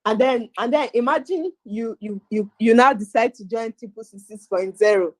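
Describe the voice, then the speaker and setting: A woman's voice: on the high side, moderate pace, no echo, poor audio. Hype Nigerian woman co-hosting a webinar. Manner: hype, teasing, energetic. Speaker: webinar co-host. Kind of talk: lively casual chat with Pidgin.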